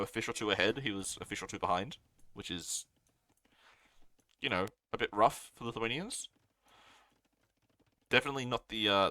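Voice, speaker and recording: A man's voice: fairly low pitch, no room sound. A man from Australia casting a strategy game live, reacting eagerly to plays and answering chat. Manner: excitable, quick reactions, reads viewer chat aloud. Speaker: caster.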